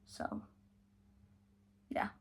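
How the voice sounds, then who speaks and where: A young woman talks through a reading vlog in a casual, chatty way. She sounds tired and takes her time, drawing out her words at an easy, slow pace. Every so often she drops her voice to a whisper. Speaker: book vlogger.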